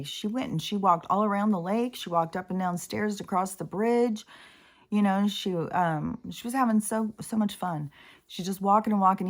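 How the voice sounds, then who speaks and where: Rambling, emotional woman with a low voice. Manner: rambling and emotional, with many fillers and swearing. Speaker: vlogger. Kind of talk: casual spoken monologue.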